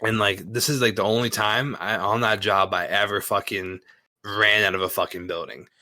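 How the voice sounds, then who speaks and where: Male storyteller, casual, profane, filler-heavy, forceful tone, dry close sound. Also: on the low side, steady tone, moderate pace, no room sound.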